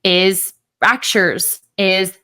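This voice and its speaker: A woman's voice: medium pitch, drawn-out words, sharp tone, smooth. A woman co-hosting a podcast, chatting casually and emphatically about fitness, with the odd swear word. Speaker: podcast co-host.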